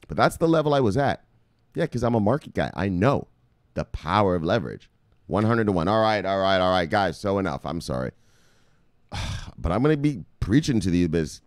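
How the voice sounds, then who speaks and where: A man's voice: low-pitched, no echo, studio quality. A man hosting a crypto video, talking in a casual, profane hype monologue and repeating words for emphasis.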